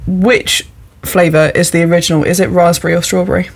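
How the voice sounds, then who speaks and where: A woman with a slightly low voice hosts a relaxed podcast quiz. She is chatty and upbeat, and she laughs easily between questions. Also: brisk, creaky. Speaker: podcast host. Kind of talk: casual chat quiz.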